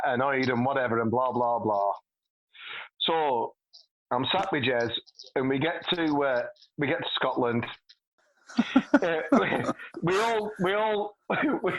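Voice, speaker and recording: Medium-pitched and a bit bright, a middle-aged podcast guest's voice comes through poor audio. He meanders casually through an anecdote full of swearing, laughing as he tells it.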